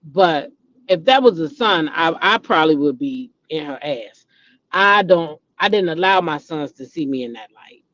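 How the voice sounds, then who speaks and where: A middle-aged woman holds forth in a chatty gossip vlog, swinging into dramatic outbursts as she talks straight to her viewers. Her delivery is animated and familiar. The recording sounds dull and lo-fi. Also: low voice, normal speed, no echo. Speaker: vlogger, show host. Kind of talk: casual celebrity gossip chat.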